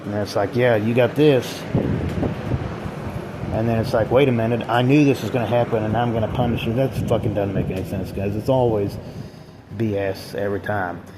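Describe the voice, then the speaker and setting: A man's voice: fairly low pitch, steady tone, normal speed, background noise. A man vlogger in a rambling, profane, bitter philosophical monologue.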